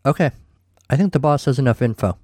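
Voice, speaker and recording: A man's voice: medium pitch, animated, fast talker, darkish tone, no echo, studio quality, pitched above the performer's own voice, natural voice. A man voicing a glittery, pointy-eared young male elf who talks in a light, offhand, teasing way. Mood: breezy.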